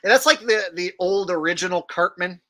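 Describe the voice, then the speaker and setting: A man's voice: high voice, a little fast, bright, forceful tone. A man hosting a livestream in casual chat, crude and rambling as he jokes around. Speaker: livestream host.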